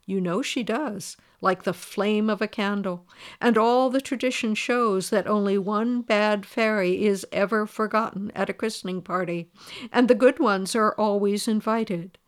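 A woman voicing a storybook king who lectures firmly and reasonably, in a smooth voice. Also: mid-range voice, unhurried, close to an everyday voice. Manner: firm, lecturing, then tender.

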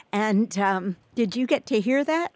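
Lady radio host, slow easygoing chatter, lots of ums and laughs, dry studio sound. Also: mid-range voice, animated, a little mellow, no room sound. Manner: chatty, laughs often, many fillers. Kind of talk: casual radio chat.

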